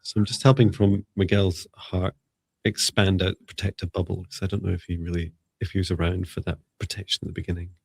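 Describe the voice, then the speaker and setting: A man leading a live spiritual energy healing, speaking in a soft, slow, meditative way with pauses. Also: sits low, level tone, creaky, slightly rough, no room sound. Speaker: psychic healer.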